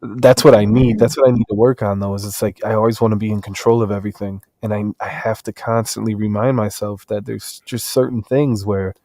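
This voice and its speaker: A man's voice: fairly low pitch, fairly even intonation, a little fast, warm tone, no echo. A man in a casual online chat, talking in a reflective, rambling way with restarts.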